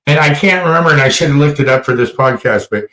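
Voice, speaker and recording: A man hosting a casual podcast chat, telling fun facts in a crude, joking, animated way. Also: medium pitch, fast talker, reverberant, low-quality recording. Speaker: podcast host.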